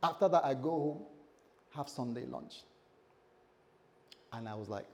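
A middle-aged male pastor preaching to his congregation, telling a personal story with lively, self-mocking humor. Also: mid-range voice, a little slow. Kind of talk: sermon. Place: church, speaking to a congregation.

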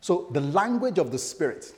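A man's voice: fairly high pitch, very animated, normal speed. A male pastor delivering a sermon, telling stories animatedly and acting out the voices he quotes. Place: church hall. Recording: long hall reverb.

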